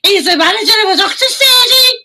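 Boastful Scouse housewife, high, bright, giddy. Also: female voice, animated, fast talker, heavily acted. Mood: giddy boasting.

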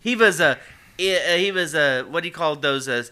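A man co-hosting a podcast, chatting casually and joking in an animated, rambling way. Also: a little high, moderate pace, clean tone. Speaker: podcast co-host. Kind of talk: casual chat.

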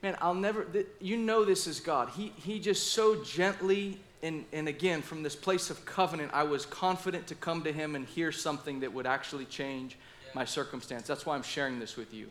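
A man preaching a sermon with passion, acting out his own inner dialogue and speaking with lively asides. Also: a little high, normal speed. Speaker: pastor.

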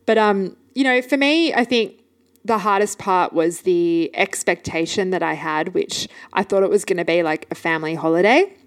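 An Australian woman in her thirties hosting a solo podcast, telling stories in an animated, chatty way and acting out the lines people said. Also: on the low side, normal speed. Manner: animated, chatty, acts out quotes. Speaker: podcast host. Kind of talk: casual solo podcast storytelling.

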